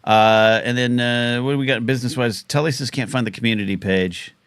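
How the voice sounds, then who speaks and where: Hosting a live call-in show, a man rambles and jokes in a casual talk-radio way, poking fun at himself, and his throat catches now and then after he choked on a chip. His voice is mid-range and fairly quick, with a fairly bright, clean tone and no room sound.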